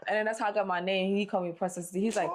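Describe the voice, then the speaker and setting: A woman's voice: medium pitch, steady tone, rapid-fire, crowd noise. Young female co-host, casual storyteller, swears a lot, acts out every quote. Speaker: podcast co-host.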